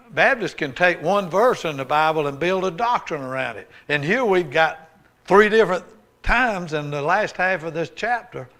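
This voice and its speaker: A man's voice: a little high, fairly bright tone. A man giving a folksy, emphatic sermon testimony as a guest preacher, reading scripture aloud with rising force.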